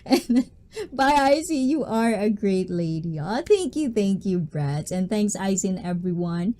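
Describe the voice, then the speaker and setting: A woman's voice: mid-range voice, animated, unhurried, mellow. A woman hosting a live stream, chatting casually with viewers, giggling and teasing as she signs off. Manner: giggly and teasing, laughing often.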